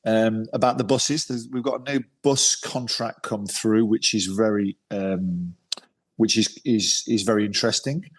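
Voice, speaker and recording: A man's voice: fairly low pitch, steady tone, measured pace, husky. A man hosting a casual podcast over a remote call, joking and teasing his co-host and saying "mate" a lot. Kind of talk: casual chat.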